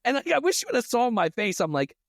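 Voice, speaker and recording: A man co-hosting a podcast, telling a story in an animated way and slipping into voices. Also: very high voice, quick pace, no room sound, studio quality. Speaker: podcast co-host. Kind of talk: casual storytelling chat.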